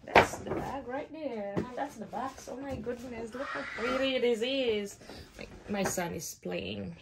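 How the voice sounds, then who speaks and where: A giddy young woman chats through a home unboxing, slow and unhurried, her voice gravelly with fry. She gushes, giggles and slips into awed whispers. The home video carries clear background noise. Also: on the high side. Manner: gushing, giggly, drops to whispers in awe. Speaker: vlogger unboxing a gift. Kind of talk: excited casual unboxing chat.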